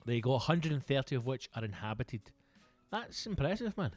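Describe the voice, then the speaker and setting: A man's voice: medium pitch, sing-song, fairly quick, no room sound, faint music behind. A Scottish man hosting a podcast alone, rambling through casual comedic chat with lots of swearing and jokes. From Scotland. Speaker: podcast host.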